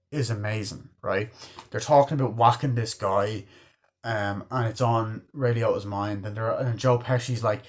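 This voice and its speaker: A man giving a casual, rambling film review, swearing freely as he retells scenes. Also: lowish voice. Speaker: movie reviewer.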